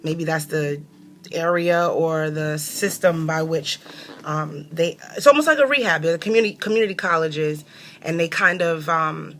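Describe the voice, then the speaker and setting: Sassy new york woman ranting on her own show, lowish voice, laughs a lot. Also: moderate pace, a little hiss or hum. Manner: animated, sassy, swears freely, laughs often. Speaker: host. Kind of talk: casual solo talk show monologue.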